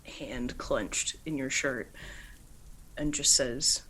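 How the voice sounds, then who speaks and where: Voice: mid-range voice, drawn-out words, pauses often, pushed and bright, rough recording. A game master narrating a tabletop game in casual speech full of filler words. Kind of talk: tabletop role-play narration.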